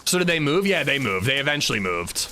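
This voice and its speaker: A man hosting a casual livestream, telling animated, profane stories while playing and chatting with viewers. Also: medium pitch, brisk, a little hiss or hum. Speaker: livestream host.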